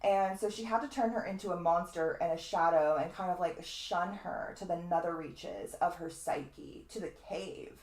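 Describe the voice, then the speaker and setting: A woman's voice: fairly low pitch, normal speed, hardly any pauses, a little mellow. Chatty woman astrologer in an echoey room. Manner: chatty, digressive, fond of asides and mild swearing. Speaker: astrologer teaching a webinar. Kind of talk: casual spoken lecture.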